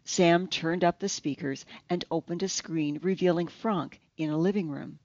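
An audiobook narrator reading a first-person story in a measured, even way. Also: medium pitch, dry recording. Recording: slightly dull, dry lo-fi recording.

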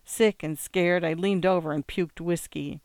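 A man's voice: on the high side, fairly even intonation, measured pace, darkish tone, no echo, clean studio sound. A man reading a first-person story aloud in a wry, plain-spoken way. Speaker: audiobook reader.

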